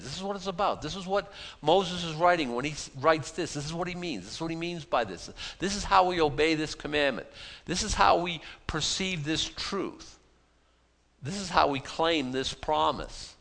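A man preaching an expository sermon, animated, with frequent restarts and acted-out pleas. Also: a little high. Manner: animated, dramatizes pleas in voiced asides; frequent restarts and repeated words. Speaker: pastor.

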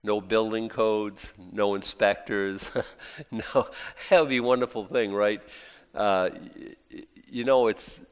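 A man preaching in a low voice, loose and folksy, drifting into asides before finding his point again. The sound carries a long hall reverb behind it. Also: steady tone, slow pace, clean tone. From United States. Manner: folksy, rambling, self-interrupting with asides. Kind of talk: conversational sermon.

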